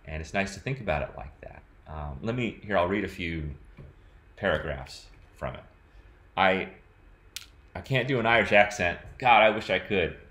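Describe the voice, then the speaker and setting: Deep-voiced man musing to camera. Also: expressive, moderate pace, a bit bright. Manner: rambling, full of "like" and "you know". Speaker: vlogger. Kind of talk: casual reflective talk to camera.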